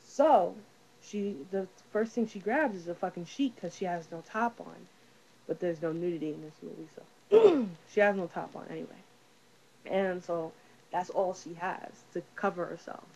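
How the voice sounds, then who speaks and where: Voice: medium pitch, expressive, moderate pace, gravelly, mellow, slightly rough, rough recording. A casual movie reviewer talking through a film's plot in a rambling, profane way, full of fillers.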